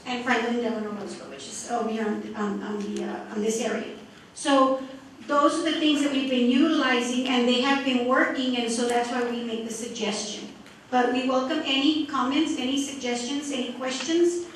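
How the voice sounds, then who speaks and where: A woman presenting at a school district meeting, speaking deliberately with some halting restarts. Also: sits high, steady tone, a little hiss or hum. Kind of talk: meeting remarks. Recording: very echoey room audio from far off.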